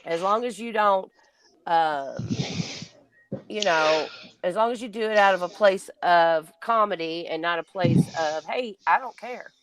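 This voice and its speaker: A woman's voice: on the low side, a little slow, rough recording. Woman rambling on in a voice chat, lots of ums and uhs, chatty. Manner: rambling, chatty, with many fillers. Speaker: guest on a live audio chat. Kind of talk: casual chat.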